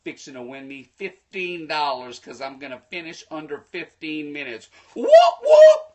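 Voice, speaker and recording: A man giving a live-streamed motivational talk, preachy and energetic, speaking to viewers through a phone. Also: fairly high pitch, normal speed. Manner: energetic, preachy, bursts into excited shouts; folksy, addresses viewers directly. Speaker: motivational speaker hosting a livestream.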